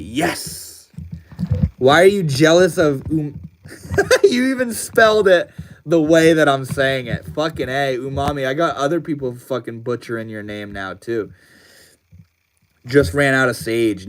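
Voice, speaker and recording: A young man hosting a casual livestream, talking loosely with lots of slang and swearing and laughing often. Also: mid-range voice. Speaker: livestream host.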